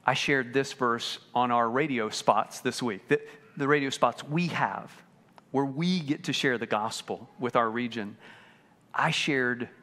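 Man preaching, animated, acts out quoted voices, slow measured pace, reverberant hall. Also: medium pitch. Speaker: pastor. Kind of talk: sermon. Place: church sanctuary.

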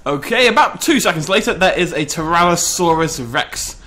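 Lively bright-voiced British gaming commentator. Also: male voice, on the high side, moderate pace. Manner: animated, shouts and laughs in bursts. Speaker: gameplay commentator. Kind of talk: excited let's-play commentary.

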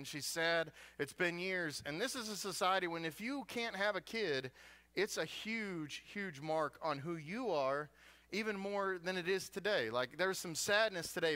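A man preaches as a guest speaker, telling the story with humor and lively energy. His voice is high and bright, with a forceful edge. He mixes jokes into his sermon in a church.

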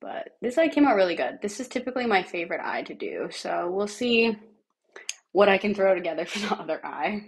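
Raspy-voiced woman chatting through makeup. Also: mid-range voice, animated, brisk. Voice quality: raspy, like a smoker. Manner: chatty, thinks aloud while working, drops to near-whispers. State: lingering cough. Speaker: livestreamer. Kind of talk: casual makeup tutorial chat.

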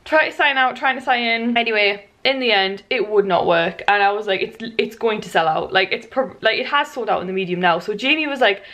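A woman's voice: medium pitch, a little fast, few pauses, a bit bright. A young woman talking casually in a vlog, chatty and flustered, tired and stressed. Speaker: vlogger.

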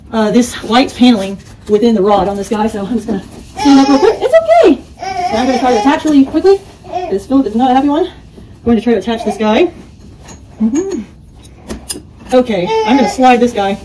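A woman's voice: fairly high pitch, darkish tone, recorded from a distance, a little hiss or hum, rough recording. A woman hosting a casual home vlog, narrating a product assembly in a rambling way with lots of fillers, indoors at home. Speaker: product reviewer.

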